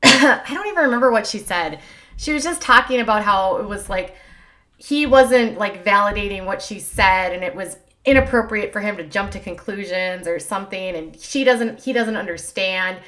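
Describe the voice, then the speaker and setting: Brief: woman host, mid-pitch voice, chatty livestream commentary, quick and loose. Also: sharp tone. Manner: chatty, fast, heavy use of filler words.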